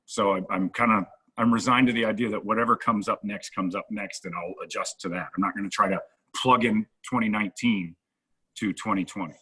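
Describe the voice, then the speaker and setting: A man's voice: lowish voice, a little fast, slightly rough. A middle-aged man, a radio host, telling a comedic backstage story in casual chat. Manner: animated anecdote-telling, acts out quoted lines.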